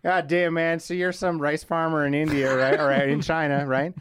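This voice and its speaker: A man's voice: fairly high pitch, normal speed, slight background noise. A man co-hosting a podcast, telling loose, profane stories in casual chat, full of "like" and "man". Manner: animated, profane storytelling with frequent "like" and "man". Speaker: podcast co-host.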